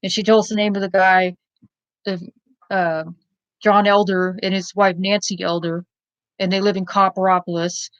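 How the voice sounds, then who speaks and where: A woman's voice: mid-range voice, flat delivery, moderate pace, pauses often, no echo, dull audio. A woman casually telling a personal story in a blunt, rambling way, with many fillers and some swearing.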